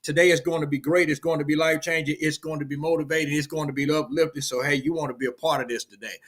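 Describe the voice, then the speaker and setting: A middle-aged man, a pastor giving a casual morning sermon on a livestream, greeting viewers by name and swinging from loud shout-outs to hushed storytelling. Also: fairly high pitch, fairly even intonation, quick pace.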